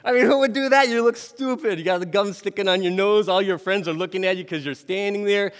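A man telling a story to an audience in an animated way, often turning to ask the listeners questions. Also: high-pitched, fairly quick, big-room sound. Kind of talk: storytelling talk.

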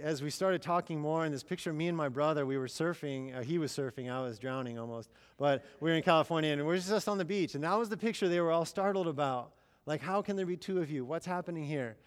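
A man's voice: a little high, fast talker, clean tone. A man in his thirties giving a sermon, telling stories in a chatty, conversational way with plenty of fillers and acted-out quotes. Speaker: missionary speaker. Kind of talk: sermon storytelling. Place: church. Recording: long hall reverb.

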